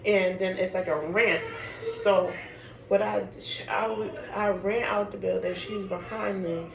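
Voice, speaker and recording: A woman from Harlem, telling a personal story in a casual, animated way and peppering her talk with "like". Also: mid-range voice, a little slow, vocal fry, muffled recording. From Harlem, New York. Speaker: storyteller vlogger. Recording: echoey room with background noise.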